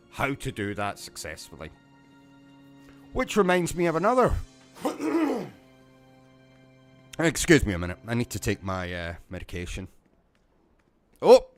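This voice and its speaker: A British man hosting a gaming livestream, delivering a rambling, sarcastic mock-serious monologue. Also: on the high side. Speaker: gaming YouTuber host.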